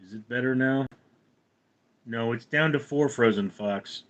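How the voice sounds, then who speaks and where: A man from California hosts a casual livestream, rambling and reading viewers' chat questions aloud to answer them. His mid-range voice is a little slow, and the audio sounds dull.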